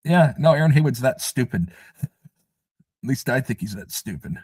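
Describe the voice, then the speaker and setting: A man's voice: medium pitch, animated, moderate pace, a little mellow, husky, no echo. Scoffing man hosting a live stream, dry sound. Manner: emphatic, repeats himself, scoffing. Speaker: livestream host. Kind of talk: casual live-stream commentary.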